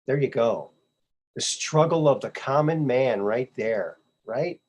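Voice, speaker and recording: A man hosting his own podcast, reacting to memes in an unhurried, drawn-out way. He sounds sarcastic and scoffing and says things twice for effect. His voice sits at an ordinary middle pitch for a man. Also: animated, a little mellow. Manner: sarcastic, scoffing, repeats himself. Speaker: podcast host. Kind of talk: casual commentary on memes.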